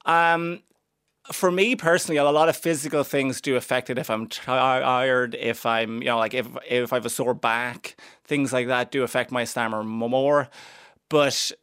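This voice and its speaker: A man's voice: medium pitch, steady tone, moderate pace, fairly bright tone, clean tone, no room sound. A young Irish man from Cavan with a stammer, talking in a radio interview with dry, self-mocking humour. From Ireland (Cavan). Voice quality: stammer with repeated sounds. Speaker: stand-up comedian, guest.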